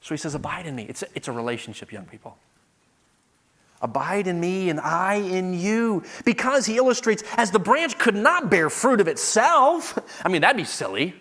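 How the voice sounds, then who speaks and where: A middle-aged man preaches a sermon in a large hall. His voice sits a bit high, and he shifts from quiet, conversational storytelling to loud, emphatic, pressing declarations. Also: big pitch swings, normal speed.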